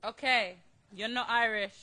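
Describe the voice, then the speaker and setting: An actress playing a calm, patient female clinical psychologist who speaks in a measured, reassuring way. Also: fairly high pitch. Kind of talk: stage play acting.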